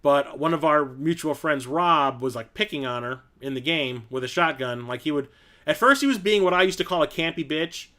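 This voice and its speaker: A young adult man with a fairly high voice hosts a casual live-stream chat at a normal pace. He rambles through stories, laughs often, and acts out quotes loudly.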